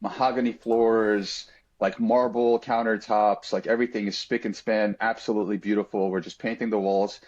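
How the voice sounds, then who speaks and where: A man's voice: fairly low pitch, flat delivery, normal speed, a little mellow, highs cut off. A man telling a personal story on a podcast in an earnest, reflective way, with frequent fillers and restarts.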